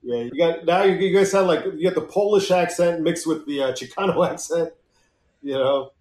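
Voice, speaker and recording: A man's voice: a little high, moderate pace, darkish tone. A man from California in casual chat, enthusiastic and playful. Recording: echoey room.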